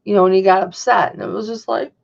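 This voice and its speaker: A woman's voice: medium pitch, fairly even intonation, quick pace, vocal fry. Chatty woman on a dull lo-fi stream. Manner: chatty, rambling, reads and answers chat. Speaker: livestream host. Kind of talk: casual chat to a live audience.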